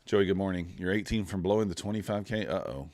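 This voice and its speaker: Brief: young man, very low voice, sleepy and laid-back, dry close mic, live trading stream. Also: quick pace, a little mellow, no echo. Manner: laid-back, drawling, greets chat viewers. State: tired, yawning. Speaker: futures trader streaming live. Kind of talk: casual live-stream commentary.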